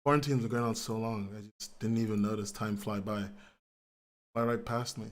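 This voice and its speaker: A man's voice: fairly low pitch, steady tone, a little fast. A man hosting a livestream pre-show, rambling casually, greeting viewers by name, laughing often and swearing now and then. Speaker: podcast host.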